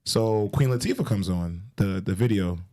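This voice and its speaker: A man's voice: fairly low pitch, moderate pace. A man co-hosting a podcast, telling a story in casual chat with a playful manner, acting out voices. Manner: lively, playful, acts out voices. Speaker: podcast co-host.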